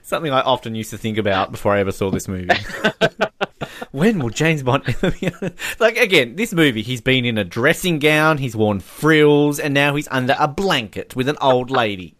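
A man co-hosting a casual movie commentary chat, animated and often laughing. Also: medium pitch, moderate pace. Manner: giggly, animated, keeps breaking into laughter. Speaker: podcast co-host.

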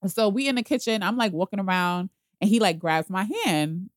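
A woman telling a story in casual podcast chat, slangy and animated, acting out other people's voices. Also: mid-range voice, moderate pace, dry recording, clean studio sound. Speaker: guest telling her proposal story.

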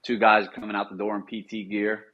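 Low-voiced man telling service stories. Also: fairly quick, highs cut off. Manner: animated storyteller, acts out quoted officers in a higher voice. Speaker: podcast guest, former Marine sniper. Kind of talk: casual storytelling interview.

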